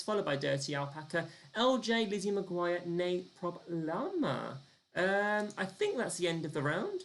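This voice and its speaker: A live-streamed quiz host, chatty and self-deprecating, counting down the clock and reading out the answers and the leaderboard. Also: mid-range voice.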